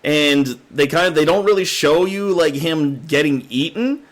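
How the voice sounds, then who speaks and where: An excitable man with a fairly high voice co-hosts a casual movie review podcast. He laughs often and acts out his reactions as he retells scenes. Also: normal speed. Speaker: podcast co-host.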